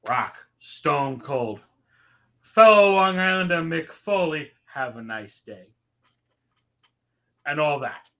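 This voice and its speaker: A man's voice: on the high side, animated, slow, pauses often, fairly bright tone, lo-fi sound. A man from New York co-hosting a podcast in casual, jokey chat. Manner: playful, jokey banter. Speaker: podcast co-host.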